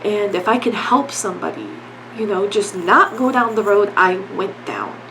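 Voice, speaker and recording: A woman's voice: medium pitch, lively intonation, moderate pace, creaky, fairly bright tone, a little hiss or hum, rough recording. A woman hosting a solo podcast, talking earnestly and bluntly about grief, urging listeners with repeated plain phrases and casual swearing. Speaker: podcast host.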